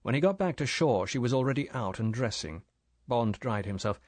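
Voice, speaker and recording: In this scripted narration, a man tells an audiobook story with an even, deliberate delivery. His mid-range voice comes through without any echo.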